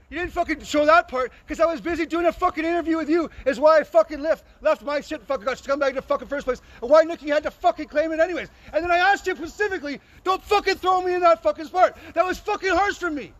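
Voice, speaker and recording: A high-voiced man rants furiously, stammering over his words and erupting into profane shouts. He is recorded outdoors on a noisy line, with traffic audible behind him. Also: animated, quick pace. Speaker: homeless encampment resident. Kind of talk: angry recorded voice message.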